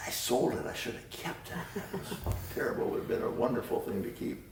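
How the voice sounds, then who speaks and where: Old guy with a really gravelly voice telling old stories, rambly, chuckles a lot, sounds far off in an echoey room. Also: lowish voice, animated, fast, background noise. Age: older. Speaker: interviewee. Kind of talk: oral history reminiscing. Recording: roomy room, distant mic.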